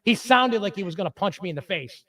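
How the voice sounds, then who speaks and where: A man with a high voice tells his stories with energy and drops lower to act out the people he quotes. He sounds a bit distant from the microphone, as if seated back from it, in a relaxed podcast chat. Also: fast. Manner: animated storyteller, acts out quotes in a lower voice. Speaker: podcast host. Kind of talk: casual chat, telling stories.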